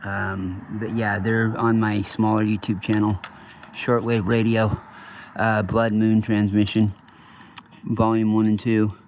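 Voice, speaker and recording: Gravelly, low-voiced man rambling profanely. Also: little pitch movement, slow, a little mellow, a little hiss or hum. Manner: profane, digressive storyteller. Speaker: channel host. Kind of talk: rambling casual monologue.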